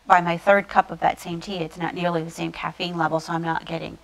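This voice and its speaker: A woman's voice: lowish voice, flat delivery, fast talker, gravelly, low-quality recording. A woman being interviewed as a guest, explaining tea-making in a chatty, explanatory way. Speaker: tea business owner, guest. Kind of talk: casual interview.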